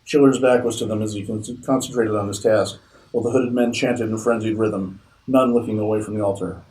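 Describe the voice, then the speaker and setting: A man, an author, reading his own fiction aloud at a convention in a steady narrating manner. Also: lowish voice, brisk, a little hiss or hum, low-quality recording.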